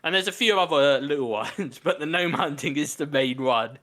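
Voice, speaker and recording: Bright-voiced young man explaining. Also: on the high side, expressive, normal speed. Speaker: podcast co-host. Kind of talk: casual chat.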